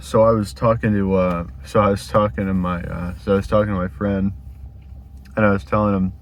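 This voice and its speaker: A man's voice: lowish voice, little pitch movement, brisk, slight background noise. A man talking casually while eating in a vlog, rambling and restarting his sentences as he goes. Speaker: vlogger.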